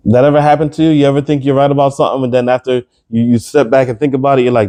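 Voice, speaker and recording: Emphatic man with a mellow voice. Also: medium pitch, flat delivery, racing, few pauses. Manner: emphatic, incredulous rhetorical questions. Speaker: commentary vlogger. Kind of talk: opinion commentary to camera.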